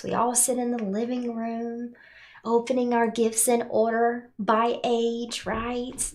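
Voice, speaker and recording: Speaking from the heart about spiritual matters, this host from North Carolina sounds emotional, almost crying, in a slightly high, a little mellow voice. She addresses her viewers earnestly, checks in with "right?" after her points, and talks about herself in the third person.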